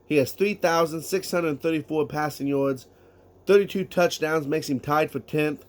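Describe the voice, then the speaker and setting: A man's voice: a little high, moderate pace. A man giving casual solo sports talk, emphatic, reading out statistics and asking rhetorical questions. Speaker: sports commentator.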